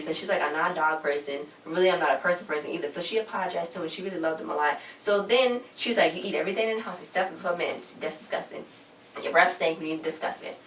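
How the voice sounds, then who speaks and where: A young woman with a slightly low voice chats her way through a TV episode recap, acting out the characters' lines as she goes. She sits back from the mic in a roomy space, with a faint hum behind her. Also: fairly bright tone, recorded from a distance. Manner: chatty, retells scenes acting out characters' lines. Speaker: TV show reviewer. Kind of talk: casual recap vlog.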